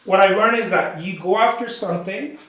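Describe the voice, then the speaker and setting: A painting instructor chats loosely while he works, repeating himself a lot and dropping in "you know" again and again. His voice sits high with a fairly bright tone and moves a little fast, and the room he's in is very echoey.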